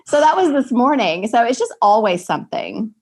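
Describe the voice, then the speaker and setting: A woman in her forties, a podcast guest chatting casually and acting out family conversations with lively energy. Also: a little high, normal speed. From American South. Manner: animated storyteller, acts out family dialogue loudly. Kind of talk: casual chat.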